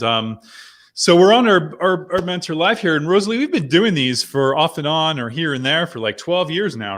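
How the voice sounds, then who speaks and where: A man's voice: medium pitch, a bit bright. A middle-aged man from New Jersey hosting a live online members' chat, rambling and chatty with lots of fillers and laughs. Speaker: host.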